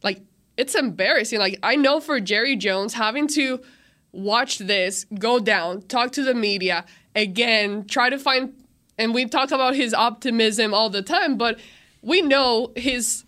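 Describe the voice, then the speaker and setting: Bright-voiced woman talking sports on radio. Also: on the high side, measured pace. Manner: opinionated, thinks aloud with restarts. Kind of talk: casual sports talk.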